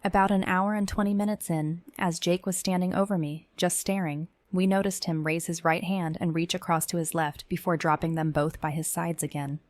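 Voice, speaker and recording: A woman giving measured, tense first-person narration of a scripted horror story. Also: lowish voice, steady tone, no echo.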